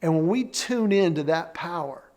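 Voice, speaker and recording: Man, higher voice, marriage seminar presenter, faith-based teaching, earnest, conversational storytelling. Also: animated, normal speed, darkish tone.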